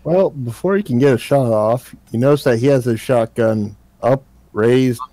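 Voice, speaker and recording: A man's voice: medium pitch, normal speed, dark tone, no echo. A man narrating a tabletop game as game master, in a laid-back, jokey way.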